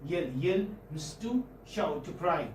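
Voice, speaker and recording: A man with an Indian English accent giving a classroom phonetics lecture, halting and often checking in with students. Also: on the high side, expressive, slight background noise. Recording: roomy classroom audio from far off.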